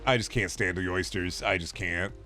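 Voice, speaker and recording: A man's voice: low voice, moderate pace, bright, forceful tone, soft background music. A man streaming a video game, chatting casually, joking and rambling with bursts of profanity. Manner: joking, rambling, profane, drops into silly voices. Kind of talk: casual gaming stream chat.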